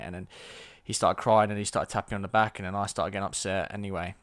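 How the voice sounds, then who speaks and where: A man's voice: fairly low pitch, flat delivery, quick pace, few pauses, fairly bright tone. A young man telling a story to camera, blunt and exasperated, swearing freely. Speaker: vlogger. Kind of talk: storytime vlog.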